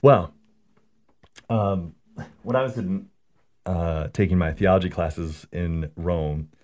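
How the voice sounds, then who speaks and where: A man's voice: deep voice, slow, darkish tone. A man, a priest, teaching about prayer in a conversation, earnest and story-driven, often adding "right?".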